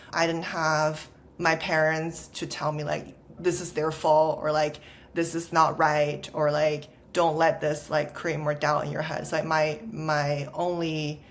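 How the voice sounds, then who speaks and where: A deep-voiced woman in her thirties, a China-born startup founder, talks casually as a podcast guest with a Los Angeles Valley girl accent. Her speech is chatty and full of "like," and the recording carries a little hiss or hum.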